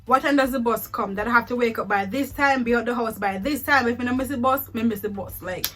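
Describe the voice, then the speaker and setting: A woman's voice: fairly high pitch, fast talker, a bit bright. A young woman with a Jamaican accent, talking casually in a vlog, repeating words for emphasis and slipping into patois. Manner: chatty, repeats words for emphasis, laughs often, slips into patois. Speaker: vlogger. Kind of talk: casual vlog comparing countries.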